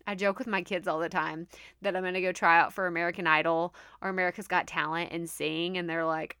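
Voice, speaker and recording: A woman's voice: fairly low pitch, bright, forceful tone, dry recording, clean studio sound. A woman with a Texan accent hosting a podcast, talking in a chatty, upbeat way with frequent laughs and lots of "like". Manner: chatty, upbeat, laughs often, says "like" a lot. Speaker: podcast host. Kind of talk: casual podcast monologue.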